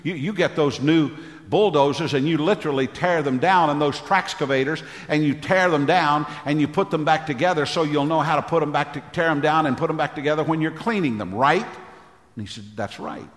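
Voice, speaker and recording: A male pastor preaches a sermon in church, his voice a little high and a little fast. He builds his points with emphatic repeated phrases and calls on the congregation for amens. Long hall reverb surrounds the recording.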